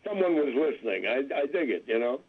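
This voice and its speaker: A man's voice: medium pitch, sing-song, fast, breathy edge. A man in his seventies, a comedian calling in as guest, talking in a wry, rambling way with self-deprecating asides. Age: 70s. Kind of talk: phone-in interview chat. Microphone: telephone. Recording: tinny phone line.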